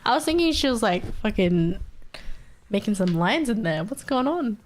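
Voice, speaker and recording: A woman's voice: fairly high pitch, sing-song, moderate pace, slight background noise. Stuffy-nosed young woman streamer chatting. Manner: chatty, swearing, laughing often, reading chat aloud. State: blocked nose, sounds stuffy. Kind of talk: casual live-stream chat.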